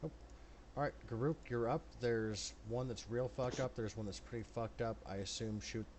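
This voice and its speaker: A man running a tabletop game as game master, blunt and brisk, who swears casually. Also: medium pitch, fairly even intonation, a little mellow, a little hiss or hum.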